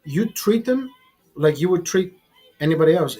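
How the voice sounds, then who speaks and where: Husky, profane middle-aged man telling stories. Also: sits high, moderate pace, faint music behind, low-quality recording. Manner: profane, rambling, animated storyteller. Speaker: vlogger. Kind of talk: casual storytelling over a beer.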